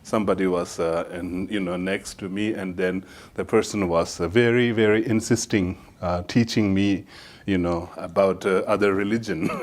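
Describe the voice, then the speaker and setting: A man's voice: low voice, steady tone, moderate pace. A man giving a Buddhist dharma talk to an audience, telling stories in an easygoing, humorous way with many casual fillers. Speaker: Buddhist teacher.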